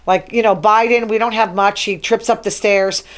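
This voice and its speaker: A woman's voice: mid-range voice, steady tone, normal speed. A woman hosting her own talk show, reading news items from her notes and adding chatty, wry asides. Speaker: show host. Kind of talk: casual solo talk show monologue.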